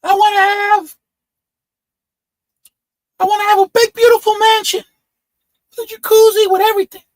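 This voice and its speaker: A squeaky tiny-headed sailor. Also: male voice, flat delivery, moderate pace, no room sound, rough recording. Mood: wishful. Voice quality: very high-pitched squeaky voice. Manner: eager storytelling, pleading. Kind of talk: joke telling.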